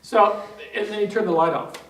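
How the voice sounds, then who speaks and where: Formatore che racconta in una sala con eco. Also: male voice, high voice, moderate pace. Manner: rambling, many fillers and restarts, chuckling storyteller. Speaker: NLP trainer. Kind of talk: anecdote told in a training seminar. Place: training room. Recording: roomy hall, distant mic, faint noise.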